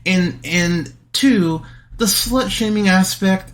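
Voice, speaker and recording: A man hosting a movie podcast, reviewing a film in a casual monologue, blunt and quick to swear in exasperated outbursts. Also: medium pitch.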